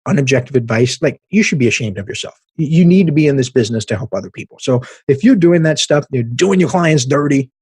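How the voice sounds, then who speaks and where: A man hosting a podcast, giving blunt, animated business advice in a casual way and laughing at himself now and then. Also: mid-range voice, fast, few pauses, breathy edge, dry recording. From American Midwest. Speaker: podcast host, business coach.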